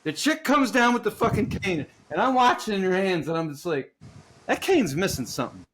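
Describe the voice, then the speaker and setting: A man with a slightly raised voice tells a rambling, swearing story for a podcast. He is animated and quick to laugh, and his voice jumps up when he acts out the other people in the story. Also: high-pitched, noisy background. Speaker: podcast co-host. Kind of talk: casual storytelling chat.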